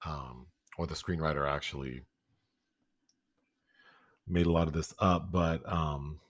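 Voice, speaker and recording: Deep-voiced guy on a podcast, animated, acts out movie quotes, dry close sound. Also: measured pace, dry recording. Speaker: podcast co-host. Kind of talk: casual film review chat.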